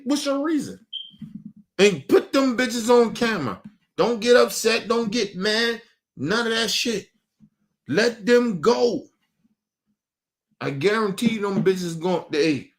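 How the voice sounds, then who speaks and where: A man from Baltimore hosting an online show, ranting bluntly and emphatically with heavy cursing, repeating himself and urging his viewers directly. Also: high voice. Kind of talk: profane commentary rant.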